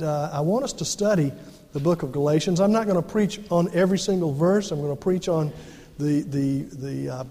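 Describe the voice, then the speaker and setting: A man's voice: high voice, mellow, long reverb tail. A male pastor preaching a sermon, reading scripture and then explaining it with emphatic delivery. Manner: emphatic preaching, acts out quoted voices.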